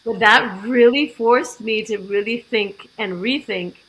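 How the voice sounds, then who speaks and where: A woman guest on a podcast, telling her story in a lively way and acting out the dialogue she quotes. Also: a little high, measured pace, a little hiss or hum, rough recording. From United States. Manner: animated, acts out quoted dialogue. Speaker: fitness program founder, guest.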